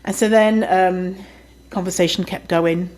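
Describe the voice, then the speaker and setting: A woman's voice: on the low side, steady tone, a little slow, a little mellow. A woman hosting a podcast, telling a story in a casual, chatty way, swearing freely and often laughing. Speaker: podcast host.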